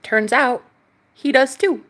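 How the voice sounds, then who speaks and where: A woman vlogger telling a casual story, excitable and gushing, laughing often. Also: high voice, slow pace. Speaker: tarot reader vlogger.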